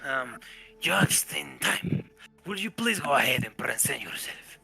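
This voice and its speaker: A man's voice: medium pitch, big pitch swings, measured pace, vocal fry, bright, forceful tone, husky, faint music behind, heavily acted. Fussy theatrical teacher lady, guy doing the voice, swoopy and stretched out.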